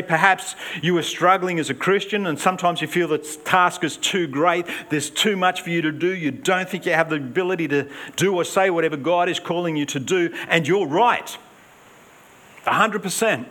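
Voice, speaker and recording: A man preaching a sermon in an earnest, emphatic way, swinging between raised urgency and hushed emphasis. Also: fairly high pitch.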